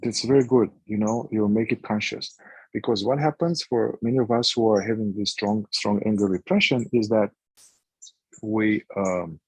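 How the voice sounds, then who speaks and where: Facilitator type: husky man with a low voice, slow and searching delivery, dry close mic. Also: steady tone, no echo, low-quality recording. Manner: slow, searching, restarts phrases. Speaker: somatic inquiry facilitator. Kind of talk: guided practice instruction.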